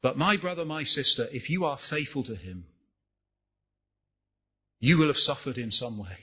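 A man's voice: medium pitch, big pitch swings, normal speed, husky, highs cut off. A man preaching a sermon, impassioned, rising and falling, asking the congregation rhetorical questions.

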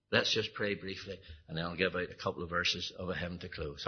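Earnest male preacher, husky voice, dull lo-fi recording, pleading sermon delivery. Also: low voice, steady tone, normal speed. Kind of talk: evangelistic sermon storytelling.

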